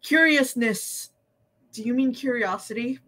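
Woman streamer, bright tone, chatty and questioning, casual reaction chat. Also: a little high, rough recording. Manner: chatty, quick to question and laugh along. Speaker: streamer reading fan fiction aloud.

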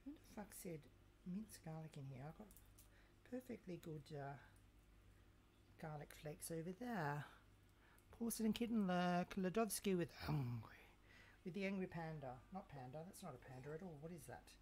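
A woman's voice: deep voice, lively intonation, normal speed, long pauses, a little mellow, slight background noise. A woman chatting casually to her viewers while cooking in her home kitchen, talking to herself and joking with mock threats. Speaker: cooking livestreamer. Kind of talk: casual live-stream chat while cooking.

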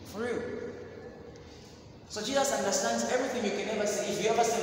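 A man from Zambia preaching a sermon in a university lecture theater, animated and acting out little scenes, often saying hallelujah. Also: sits high, quick pace, slight background noise. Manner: animated, acts out dialogue, frequent hallelujahs. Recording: echoey hall from far off.

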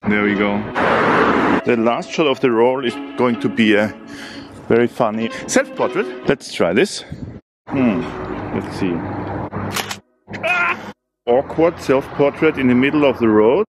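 German male vlogger, mid pitch, slow and chatty, outdoors, loud music bed. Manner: unhurried, enthusiastic, thinks aloud. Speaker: film photography vlogger. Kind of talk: casual narration while shooting outdoors. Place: outdoors in a city street.

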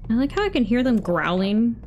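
A woman's voice: on the high side, very animated, fairly quick, highs cut off, soft background music. A woman streaming a video game, chatting away and talking back at the game characters with sudden exclamations. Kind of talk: live gameplay commentary. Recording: game gunfire loud behind voice.

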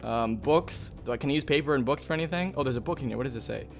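A man hosting a gaming video, giving excitable, chatty let's play commentary and thinking aloud. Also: mid-range voice, very fast, gravelly, soft background music.

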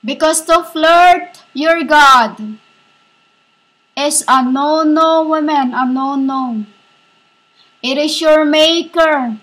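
A woman giving a rambling spiritual monologue as a self-styled preacher, halting and repetitive, often calling her listeners "women". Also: high-pitched, a bit bright, low-quality recording.

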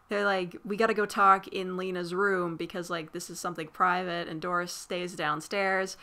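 Casual woman vlogger, bright tense tone, loose rambling delivery full of "like" and cursing. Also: mid-range voice. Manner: rambling, filler-heavy, swears freely. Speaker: movie recap vlogger. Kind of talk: casual spoiler recap.

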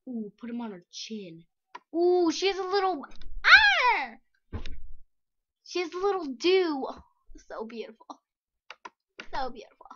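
A young woman giving casual, sarcastic commentary over a screen recording, giggly and excitable, sometimes dropping to a whisper. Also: high voice, normal speed, pauses often, heavy background noise. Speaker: vlogger. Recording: dull lo-fi mic with mouse clicks.

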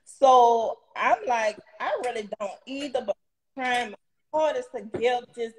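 A young adult woman, a guest in a casual interview, telling a story in an animated way and acting out the people she quotes. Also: on the high side, unhurried, poor audio. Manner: animated retelling with quoted dialogue and laughs.

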